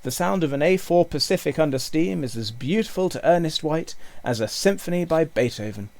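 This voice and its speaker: A kindly, knowledgeable uncle, as a man reading a storybook puts him on, calm and explanatory. The voice has a gravelly grain and a lively, rolling pitch. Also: a little fast.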